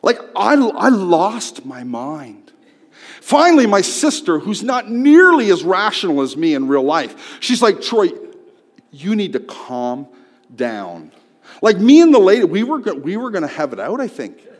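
Animated man preaching in a reverberant hall. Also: sits high, normal speed. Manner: animated, swings from loud outbursts to hushed tones. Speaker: preacher telling a personal story. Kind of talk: storytelling sermon.

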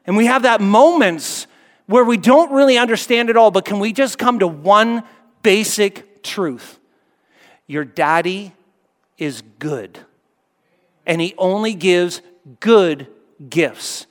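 Male preacher, high voice, emphatic sermon cadence that rises and falls quiet, long hall reverb. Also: unhurried. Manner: emphatic, repetitive preaching cadence, swelling then dropping soft. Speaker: pastor.

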